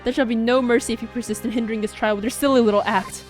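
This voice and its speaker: A woman's voice: on the high side, fairly even intonation, rapid-fire, soft background music, close to an everyday voice. A woman voicing a haughty male prosecutor in a video game, speaking in a clipped, contemptuous way.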